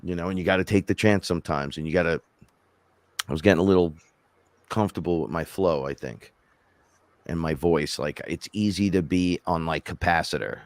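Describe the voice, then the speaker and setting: A rapper co-hosting a podcast, telling rambling, animated stories in casual chat and quoting himself along the way. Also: male voice, low-pitched, brisk, no echo. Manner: rambling, animated storytelling with self-quotes.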